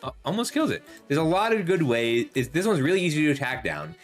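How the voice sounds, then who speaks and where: Lively-voiced man reviewing game cards. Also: on the high side, fast talker, faint music behind. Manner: chatty and analytic, with frequent ums and self-corrections. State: slightly losing his voice. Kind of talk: casual card set review.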